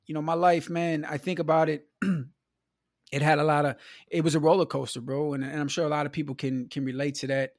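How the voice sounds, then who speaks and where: A man's voice: a little high, flat delivery, fairly quick, no room sound, clean studio sound. A man from the American Midwest, a podcast guest telling stories about growing up in a loose, conversational way. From Milwaukee, US Midwest. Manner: loose and conversational, peppers talk with "you know", "man" and "bro". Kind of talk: casual storytelling conversation.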